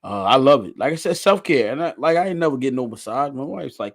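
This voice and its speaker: A man in a casual chat, animated and slangy, often repeating words as he talks. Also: mid-range voice, fast.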